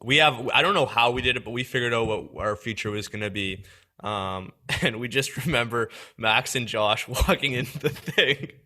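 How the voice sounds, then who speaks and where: A man's voice: mid-range voice, normal speed, pushed and bright. A young man with a Canadian accent hosting a podcast, chatting casually and adding backstory. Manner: chatty, adds backstory with fillers. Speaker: podcast host.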